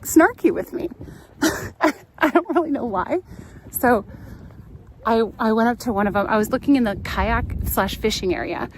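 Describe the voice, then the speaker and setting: A woman's voice: on the high side, a little hiss or hum, rough recording. Chatty Californian woman driving. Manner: chatty, rambling storyteller who laughs often. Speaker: travel livestream host. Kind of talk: casual chat while driving.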